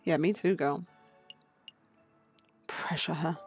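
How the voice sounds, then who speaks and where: A woman's voice: mid-range voice, animated, normal speed, long pauses, no echo, faint music behind. Chatty woman streamer with a dry sound. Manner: chatty, teasing. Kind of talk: casual chat during a game playthrough.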